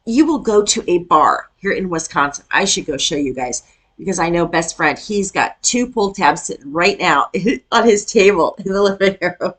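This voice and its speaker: A woman's voice: on the low side, animated, normal speed, a bit bright, breathy edge. A middle-aged woman from Iowa, chatting casually as she reacts to a video and rants with laughs. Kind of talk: casual chat reacting to a clip.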